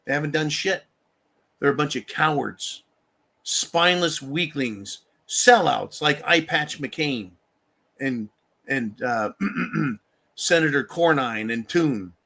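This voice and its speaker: A man's voice: mid-range voice, expressive, takes it slowly, sharp tone. A man hosting a live stream, ranting angrily with heavy profanity and thanking viewers for donations. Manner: angry, heavily profane. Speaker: livestream host. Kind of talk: political rant on a live stream.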